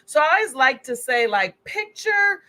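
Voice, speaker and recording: A woman presenting slides as a health educator, speaking in a conversational, animated way and acting out little scenes. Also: high voice, normal speed. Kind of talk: presentation talk.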